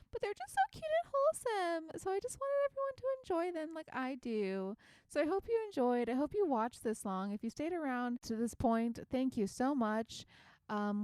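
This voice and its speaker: A woman's voice: medium pitch, dry recording. Chatty young woman recapping TV, dry sound. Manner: chatty, playful and animated, with sudden squeals of delight. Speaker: YouTube recap host. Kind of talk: casual TV recap vlog.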